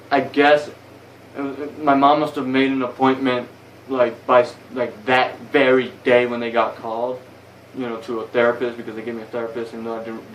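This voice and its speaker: A young man rambles through a story for his vlog, swearing constantly and getting heated as he talks. He sounds a bit distant from his phone, with a faint hiss behind him. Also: mid-range voice. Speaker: vlogger. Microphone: phone camera.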